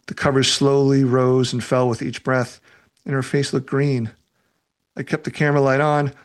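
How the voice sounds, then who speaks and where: A man who writes novels reads aloud from his book and answers reader questions in a relaxed way, laughing often. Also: mid-range voice. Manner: relaxed, laughs often, uses fillers such as "you know".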